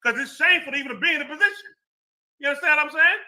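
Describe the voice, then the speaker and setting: Talking very fast in an extremely high-pitched voice, a man who used to work in law enforcement tells animated stories in a casual chat. He uses street slang, and he comes from the American Southwest.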